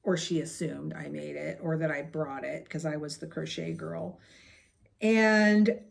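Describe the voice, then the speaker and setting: A woman's voice: deep voice, steady tone, a little slow, vocal fry. A woman in her late fifties telling a personal story in a rambling, chatty way on her crafting vlog. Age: 50s. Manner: rambling, chatty, with many fillers and asides. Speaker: crochet vlogger. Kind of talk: casual storytelling chat.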